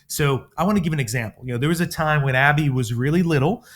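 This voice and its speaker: A middle-aged man co-hosting a parenting podcast, talking in a casual, conversational way. His voice sits a little high for a man, and he comes alive when he acts out what people said in his stories. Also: fast talker. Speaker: podcast co-host, counselor. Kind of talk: conversational storytelling.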